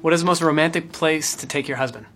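A man asking rapid-fire interview questions from off camera, brisk and upbeat. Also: a little high, pushed and bright, faint music behind.

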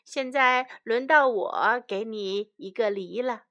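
A woman's voice: fairly high pitch, slow, pushed and bright, lo-fi sound. A woman voicing a poor but polite and cheerful male beggar in a children's storybook. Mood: grateful. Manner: polite, pleading.

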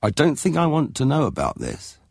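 A man's voice: medium pitch, wildly swooping pitch, brisk, creaky, a little mellow, slightly rough, no room sound, studio quality, voice pushed up, exaggerated voice. A man reading a storybook, voicing a flustered mother who exclaims dramatically. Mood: reluctant.

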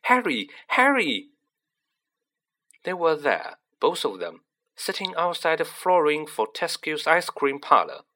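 A man narrating a story with expressive storytelling. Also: fairly high pitch, measured pace. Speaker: audiobook narrator. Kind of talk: scripted narration.

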